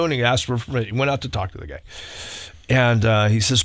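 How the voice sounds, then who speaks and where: Guy on a faith talk show, animated storyteller, dry close mic. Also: medium pitch, fairly quick, no echo. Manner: animated storyteller, laughs often. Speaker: radio show co-host and baseball coach. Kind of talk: casual storytelling chat.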